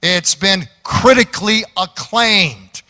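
A man's voice: high voice, animated, slow pace, bright, forceful tone, long reverb tail. A man preaching a sermon, folksy and joking, with emphatic calls to the congregation. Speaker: pastor.

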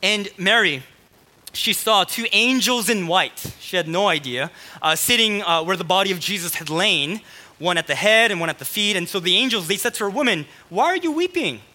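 A man preaching a sermon on stage, excited and a little out of breath, with quick asides to the congregation. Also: high voice. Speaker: pastor. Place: church stage.

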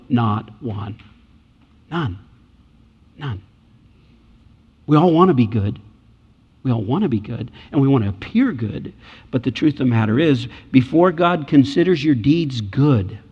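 Emphatic preacher in an echoey hall. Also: male voice, medium pitch, a little mellow, highs cut off. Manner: emphatic, repeats key phrases. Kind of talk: sermon.

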